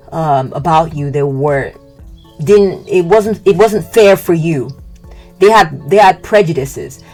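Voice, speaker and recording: A woman giving a casual tarot reading, rambling and hesitant, often acting out what people might have said. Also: low voice. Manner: rambling, hesitant, restarts and fillers, acts out quotes. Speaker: tarot reader.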